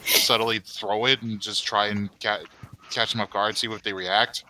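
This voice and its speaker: A man's voice: lowish voice, level tone, moderate pace, sharp tone, a little hiss or hum, low-quality recording. A man playing a tabletop game, rambling and hedging as he thinks aloud. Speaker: player.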